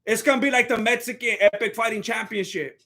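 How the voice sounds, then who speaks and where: A man's voice: high voice, fairly even intonation, fast talker, pushed and bright. A young man hosting a live stream, giving casual fight commentary in a rambling, joking way that often stops and restarts mid-sentence. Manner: rambling, joking, self-interrupting.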